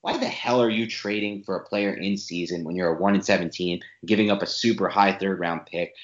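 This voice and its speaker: A man co-hosting a sports podcast, making an opinionated, animated case with rapid-fire arguments. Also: sits low. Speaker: podcast co-host. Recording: echoey room, dull lo-fi sound.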